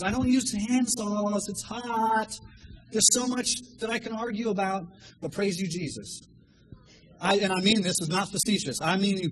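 A man in his thirties preaching a sermon, telling stories with animated energy and acting out voices. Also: high-pitched, a little hiss or hum, poor audio. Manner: animated storytelling, acts out voices. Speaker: lay preacher.

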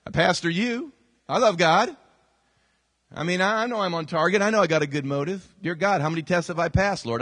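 With a mid-range voice and no room sound, a man delivers a sermon as a pastor. His storytelling is animated, full of acted-out quotes and repeated phrases.

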